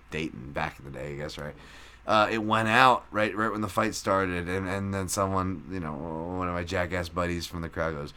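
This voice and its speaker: A man's voice: low-pitched, pushed and bright, smooth. A man hosting a podcast in a loose, rambling live-stream recap, reading out chat and swearing casually. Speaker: podcast host.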